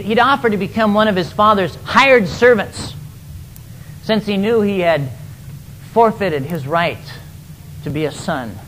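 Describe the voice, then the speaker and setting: High-voiced man preaching a story. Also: fairly bright tone, a little hiss or hum, low-quality recording. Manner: emphatic, repeats words as he tells. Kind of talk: sermon storytelling.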